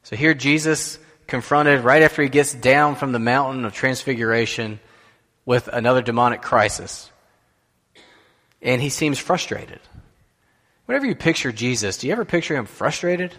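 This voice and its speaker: A man preaches a sermon in a relaxed, conversational way and often turns to the listeners with questions. His voice sits at an ordinary middle pitch. A long reverb trails after his words, as in a large church hall. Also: moderate pace. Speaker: pastor.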